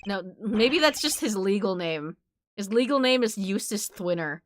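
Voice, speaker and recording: A woman's voice: medium pitch, expressive, normal speed, a little hiss or hum. A woman from New Jersey giving game commentary as a streamer, giggly, profane and incredulous.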